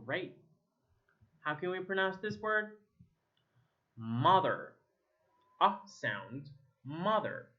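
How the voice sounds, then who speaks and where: A man from Egypt, a native Arabic speaker, teaching English pronunciation. He repeats single words slowly to contrast vowel sounds. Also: sits high, very animated. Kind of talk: slow drilling of vowel sounds, repeat-after-me. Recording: slightly dull lo-fi sound.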